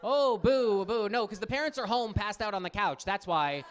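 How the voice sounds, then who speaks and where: A man in his thirties doing a stand-up comedy set on a club stage, telling animated stories and acting out the people in them. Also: a little fast, clear, resonant tone. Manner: animated storytelling, acts out quotes in higher voices.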